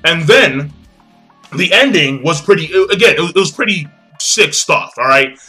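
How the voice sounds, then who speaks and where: A man giving a casual, excited anime episode review, full of slang, swearing and repeated phrases. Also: fairly high pitch, normal speed, faint music behind.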